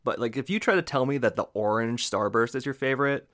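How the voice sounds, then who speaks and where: A man co-hosting a casual podcast, talking in an animated, emphatic, slangy way. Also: medium pitch, fast. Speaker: podcast co-host.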